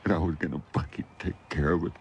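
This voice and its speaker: A gruff, bitter older brother in a film drama. His voice is extremely low and thick with gravel. He spits out harsh, cursing words. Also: fairly even intonation, quick pace, slight background noise. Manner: harsh, swearing outbursts.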